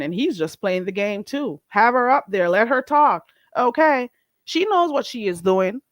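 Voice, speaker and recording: Jamaica-born woman going off on a livestream, cussing and mocking, mid-pitch, real dry close sound. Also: dry recording. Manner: profane, combative, mocking. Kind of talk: heated livestream rant.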